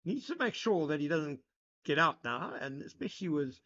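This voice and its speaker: A man giving live cricket commentary, measured and analytical, chatting with his co-commentator. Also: on the high side, sing-song, sharp tone. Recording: lo-fi broadcast sound.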